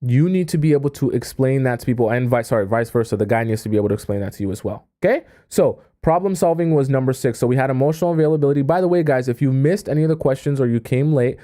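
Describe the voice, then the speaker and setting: A man's voice: medium pitch, fast, few pauses, dark tone. A man giving dating advice on a live stream, talking casually and often checking in with his viewers. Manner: conversational, keeps checking in with "okay?" and "right?". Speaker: dating coach.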